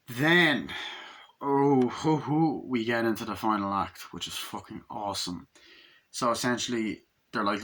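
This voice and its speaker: A man's voice: on the low side, fairly bright tone, husky. A man casually recapping a movie in a rambling way, swearing freely and jumping into quoted lines from the scenes. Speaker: movie reviewer.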